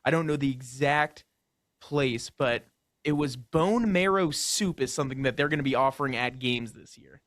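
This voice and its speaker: A man's voice: medium pitch, normal speed, a bit bright, dry recording, clean studio sound. A man co-hosting a radio sports talk show, bringing prepared topics and asking questions with a careful, hedging manner. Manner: prepared, asks questions, hedges with "I think".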